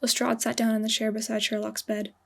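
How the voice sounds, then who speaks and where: A woman narrates her own story in a slow, hushed audiobook style. Her voice is breathy and husky, keeping an even, narrow pitch. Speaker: fanfiction author reading her story.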